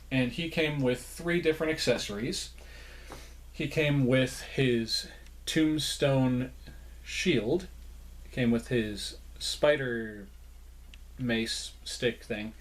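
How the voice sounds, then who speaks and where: A young adult man casually narrating a showcase of his toy collection as the channel host, rambling in a relaxed way with frequent fillers and self-deprecating asides. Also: medium pitch.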